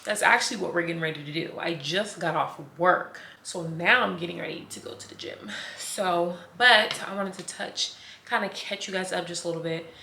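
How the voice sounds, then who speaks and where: Chatty young woman, low voice, echoey room. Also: moderate pace, vocal fry, pushed and bright. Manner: chatty, girlfriend-to-girlfriend talk, calls viewers girl and sis. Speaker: vlogger. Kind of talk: casual chat to camera. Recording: echoey room, faint noise.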